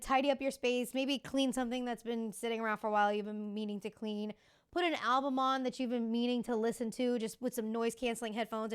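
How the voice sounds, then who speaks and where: Woman in her 30s, podcast host, casual and candid, slightly high voice, smooth clear tone. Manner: candid and profane, confiding. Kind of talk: casual chat.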